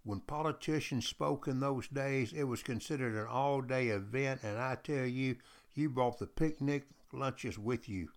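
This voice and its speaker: A man's voice: mid-range voice, unhurried. A man from Texas, giving a podcast history lecture as a teacher who tells stories emphatically and repeats key phrases.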